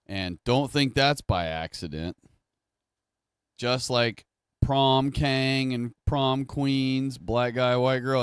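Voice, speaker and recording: Male streamer, middle-pitched, resonant, talks in loose self-correcting monologue. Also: clean tone, no room sound, studio quality. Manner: rambling, self-correcting, conversational. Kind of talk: casual livestream monologue.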